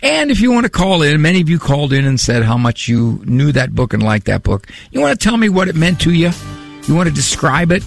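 A man's voice: on the high side, sing-song, fairly quick, gravelly, dry recording, soft background music. A man hosting a radio call-in show, talking loosely and repeating himself as he goes. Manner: rambling, repeats words, chuckles at own story. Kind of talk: conversational call-in talk. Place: radio studio. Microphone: studio mic.

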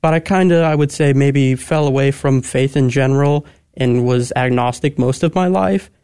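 A man's voice: medium pitch, normal speed, dark tone, smooth, no room sound, studio quality. A young man, a guest on a radio interview, talking eagerly and articulately. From Texas. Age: 20s.

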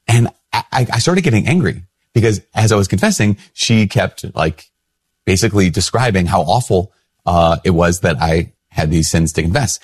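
A male priest hosting a video, telling a story in a conversational, self-questioning way and jumping higher when he quotes others. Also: animated, a little fast, a little mellow, husky. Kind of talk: reflective storytelling talk to camera.

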